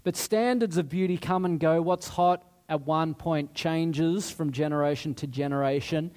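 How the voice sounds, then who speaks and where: A man's voice: on the high side, steady tone, moderate pace, a little mellow. A middle-aged man preaching a sermon in a chatty, self-deprecating way, often restarting his sentences. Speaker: pastor.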